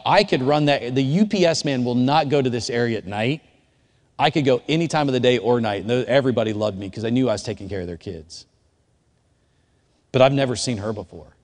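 A pastor delivering a sermon as a story, his voice sinking to near hush and then climbing to shouts. Long reverb from a church hall trails after his words. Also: mid-range voice. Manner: swings from hushed storytelling to shouted quotes. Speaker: youth pastor.

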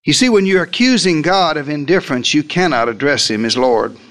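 A man's voice: a little high, expressive, brisk, fairly bright tone. A male preacher delivering a sermon, retelling scripture as a dramatic first-person story and speaking directly to his listeners.

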